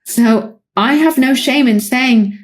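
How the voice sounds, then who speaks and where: A British woman with a British accent, a psychologist co-hosting a podcast, explaining calmly in relaxed conversation with light laughs. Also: high-pitched, slow. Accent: British English. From Britain. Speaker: psychologist co-host.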